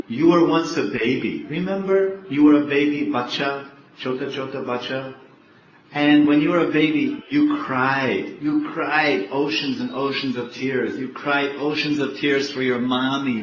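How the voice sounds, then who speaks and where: An older man, a spiritual teacher, giving a devotional lecture slowly, repeating words and laughing often. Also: mid-range voice. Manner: slow, repetitive, laughing often. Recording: echoey, dull, faint background noise.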